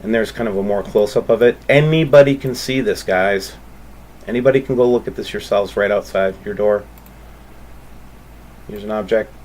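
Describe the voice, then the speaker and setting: A man hosting a channel, talking casually and excitably over photos, rambling and calling out to viewers. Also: lowish voice, moderate pace, pauses often, a little hiss or hum. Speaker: channel host.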